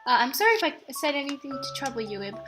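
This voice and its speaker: A woman's voice: high voice, sing-song, fast, a bit bright, faint music behind. A young woman voicing a polite young man who is confused by a girl he does not remember. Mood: puzzled. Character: gentle, puzzled young man, Garry.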